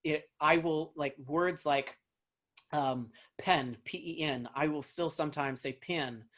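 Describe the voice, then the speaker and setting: A man's voice: fairly high pitch, steady tone, measured pace, a bit bright. Reflective man with a light Southern accent. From North Carolina, USA. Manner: reflective, thinks aloud. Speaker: actor and dialect coach, guest. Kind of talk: casual interview answers.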